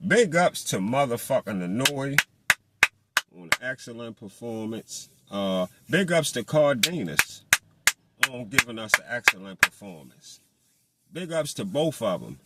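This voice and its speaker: Profane animated man on a boxing rant. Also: mid-range voice. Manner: animated, profane, mocks people in put-on voices. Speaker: boxing commentator. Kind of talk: casual monologue.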